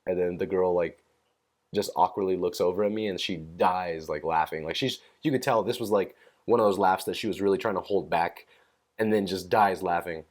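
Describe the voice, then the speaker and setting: Young dude ranting on his podcast, lowish voice, swears a ton, says like every other word. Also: brisk. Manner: profane, rambling storytelling with many fillers; amused, laughs at own stories. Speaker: podcast host. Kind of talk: casual solo rant.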